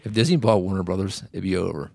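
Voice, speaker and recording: A man with a low, gravelly voice joins a podcast chat. He agrees readily and tosses in short remarks. The sound is dry and close. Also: fast talker, dark tone, no echo. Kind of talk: casual chat.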